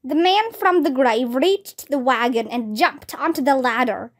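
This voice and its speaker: A woman reading a children's mystery book aloud in a slow, careful, even way. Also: high voice. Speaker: storybook reader.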